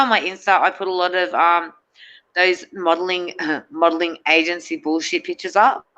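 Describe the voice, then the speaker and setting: A woman's voice: lowish voice, little pitch movement, normal speed, sharp tone, lo-fi sound. A middle-aged woman, a guest in a casual chat, rambling and hesitant with many fillers and restarts.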